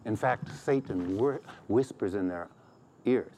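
A man's voice: on the low side, a little slow, dark tone. A middle-aged man preaching a sermon as pastor, acting out quoted complaints in a raised voice.

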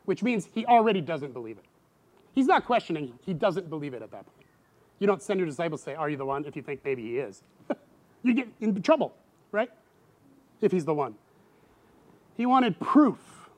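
A middle-aged man preaching a sermon in a lively way, acting out voices with sudden loud outbursts. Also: a little fast, pauses often. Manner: animated, acts out quoted voices with big pitch jumps. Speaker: pastor.

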